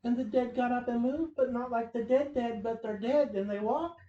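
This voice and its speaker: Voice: medium pitch, steady tone, normal speed, mellow, echoey room, muffled recording, voice pushed up, natural voice. A podcaster mimicking a mousy, flustered young woman who rambles and dithers. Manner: dithering, babbling, out of her depth.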